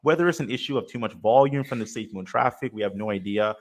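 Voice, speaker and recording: A man with a fairly low voice moderates a live crypto round table. He talks casually and moves the discussion on to the next topic. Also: fast talker. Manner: conversational, steers the talk to new topics. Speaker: panel moderator.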